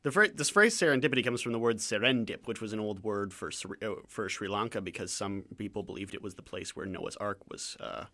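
A man's voice: on the low side, a little fast, hardly any pauses. A man co-hosting a casual radio talk show who drifts into digressions and trivia. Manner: animated, digressive, trivia-prone.

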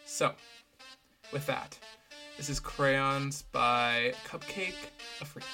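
A man hosting a podcast, explaining ideas in a relaxed, hesitant way with lots of fillers. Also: medium pitch, takes it slowly, soft background music. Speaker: podcast host. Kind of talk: casual educational chat.

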